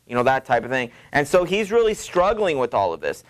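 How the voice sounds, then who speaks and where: A man's voice: on the high side, sing-song, fairly quick, few pauses, clear, resonant tone. A man teaching a classroom literature lecture, explaining casually with lots of ums and you knows. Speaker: high school literature teacher.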